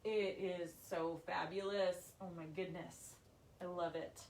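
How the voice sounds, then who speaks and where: A woman's voice: lowish voice, fairly even intonation, a little slow, a little mellow, slight background noise. Chatty woman gushing over crafts. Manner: chatty, gushing, addresses viewers as y'all. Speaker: craft shop owner hosting a live video. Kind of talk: casual live craft demo chat.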